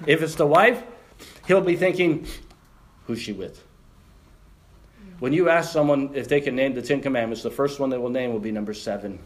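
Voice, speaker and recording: A man's voice: medium pitch, fairly even intonation, a little fast, distant mic. A man preaching to a congregation, telling an illustration story with acted-out voices and laughter. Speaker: missionary preacher. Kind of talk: sermon illustration with audience participation. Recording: echoey room, speaker away from mic.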